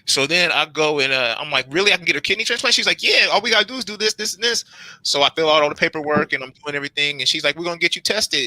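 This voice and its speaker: A young man telling his own hospital story on a panel, lively and acting out his reactions in quoted lines. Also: medium pitch, dry recording, rough recording. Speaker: transplant patient on a panel. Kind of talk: animated personal storytelling.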